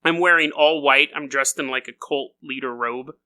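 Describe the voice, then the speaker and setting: A man hosting a podcast, telling stories in a goofy, animated comedic monologue and often laughing as he talks. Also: mid-range voice, normal speed. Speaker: podcast host.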